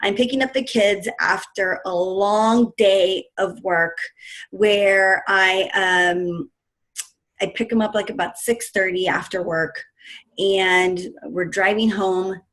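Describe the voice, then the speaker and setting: A woman in her thirties shares her own story on a webinar in an earnest, emotional way. Her voice sits in a middle pitch. She talks through a computer mic like a fitness coach addressing her team. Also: steady tone, takes it slowly, a bit bright, low-quality recording. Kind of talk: personal story in a webinar talk.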